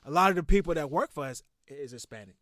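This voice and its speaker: A young man hosting a podcast, telling a long story in a loud, profane, animated way that drops to muttering. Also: a little high, fast, dry recording, clean studio sound. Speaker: podcast host.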